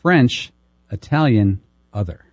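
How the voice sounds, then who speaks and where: A man co-hosting a sports radio show who tells anecdotes and drops dry, deadpan one-liners. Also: fairly low pitch, takes it slowly, no echo. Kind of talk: casual sports radio banter.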